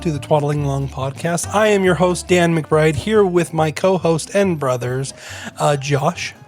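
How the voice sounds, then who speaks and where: A man's voice: fairly high pitch, faint music behind. A man hosting a podcast with his brothers, talking in a casual, playful and teasing way. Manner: playful, joking, quick to tease. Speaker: podcast host. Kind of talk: casual chat.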